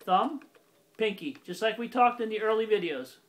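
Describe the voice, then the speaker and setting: Over loud accordion music, a man with a high, animated voice teaches the instrument at a moderate pace. His casual demonstration proceeds step by step in a plain, methodical way, with occasional self-corrections.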